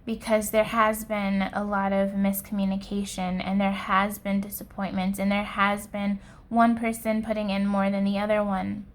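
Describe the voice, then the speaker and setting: A woman giving a pick-a-card tarot reading with a slow, soft and earnest delivery. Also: medium pitch, level tone. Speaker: tarot reader.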